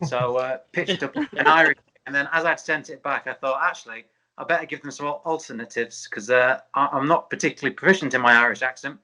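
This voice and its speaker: A man, an actor, talking on a video call in a halting, self-deprecating way. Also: mid-range voice, pushed and bright, poor audio. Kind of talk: casual video call chat.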